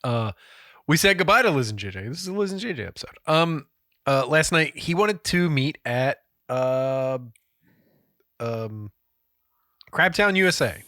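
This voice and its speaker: Man, podcast co-host, casual profane storytelling, lively up-and-down pitch, bright edge, dry close sound. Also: a little slow, pauses often, no echo. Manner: profane, animated storytelling with laughs. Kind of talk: casual chat.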